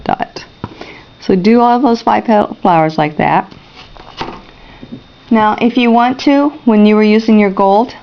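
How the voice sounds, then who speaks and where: A woman's voice: mid-range voice, highs cut off. Woman teaching a painting class. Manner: gentle, narrates each brush stroke, checks in with viewers. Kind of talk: step-by-step painting demonstration.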